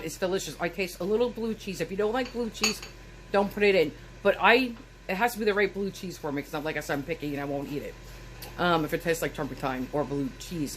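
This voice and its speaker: Chatty woman with a low voice. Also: low-quality recording. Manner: chatty, rambling, addresses viewers as guys. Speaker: cooking vlogger. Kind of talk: casual cooking demo to camera. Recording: steady background noise.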